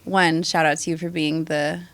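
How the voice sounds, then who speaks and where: A woman's voice: sits low, moderate pace. A young woman hosting a casual podcast chat, telling stories bluntly and swearing freely. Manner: animated, blunt storyteller who swears freely. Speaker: podcast host.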